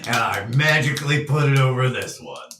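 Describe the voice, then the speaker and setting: A man playing a tabletop game, joking in character and swinging between loud outbursts and mumbles. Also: medium pitch, lively intonation, moderate pace, background noise. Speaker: player. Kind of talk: in-character tabletop role-play. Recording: echoey room, mic at a distance.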